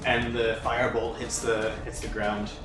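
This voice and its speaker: A man's voice: mid-range voice, little pitch movement, normal speed. A man narrating a tabletop game as game master, in a loose style with many fillers and chuckles. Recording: echoey room, distant mic, music.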